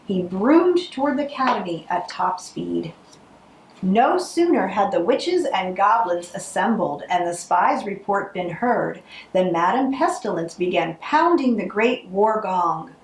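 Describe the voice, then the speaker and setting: A woman reading a holiday picture book aloud, with expressive narration. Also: medium pitch, measured pace, echoey room, rough recording. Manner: expressive, acts out the characters. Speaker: storybook reader.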